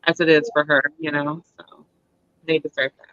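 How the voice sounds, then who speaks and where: A woman co-host chats through a story recap with a bright, forceful voice, acting out lines and laughing often. The recording is dry and slightly dull, with a lo-fi feel. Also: low-pitched, normal speed, no echo. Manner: animated retelling with acted-out quotes; laughs often, casual swearing. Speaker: book club podcast co-host. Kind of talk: casual recap chat.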